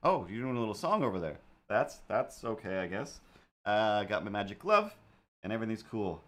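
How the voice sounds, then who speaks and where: Fairly low in pitch yet fairly bright in tone, this man's voice swings widely in pitch at a moderate pace. He's hosting a live drawing stream, chatting casually and muttering playful comments to himself.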